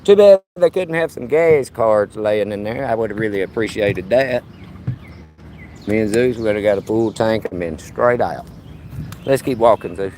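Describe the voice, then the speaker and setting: On a live stream from a neighborhood street, a vlogger in his 50s walks his dog and chats casually, bantering with the dog in a folksy, joking style. His voice is lowish and a little mellow at a normal speed, with slight background noise and faint outdoor ambience.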